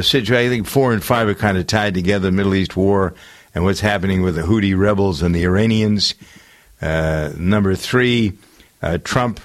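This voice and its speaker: A man with a fairly low voice hosts a talk radio countdown. He wanders through each item, breaking his sentences with uhs and restarts. He sounds relaxed and chatty. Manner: meandering, many filler uhs. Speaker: radio talk show host. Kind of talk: casual radio chat.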